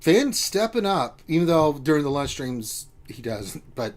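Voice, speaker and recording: A man's voice: fairly high pitch, very animated, unhurried. A man co-hosting a casual livestream, blunt and jokey, who swears freely. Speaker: co-host.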